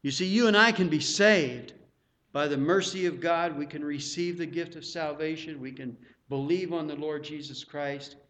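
A man's voice: a little high, normal speed, fairly bright tone. A man preaching a sermon as pastor, emphatic and repeating words for stress.

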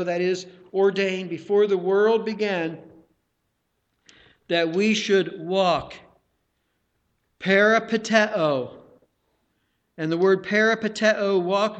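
A man with a fairly high voice delivers a sermon at an unhurried, measured pace. He presses his listeners with direct questions and circles back over key phrases to drive them home. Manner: deliberate, repeats phrases for emphasis; exhorting the congregation with questions. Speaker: preacher.

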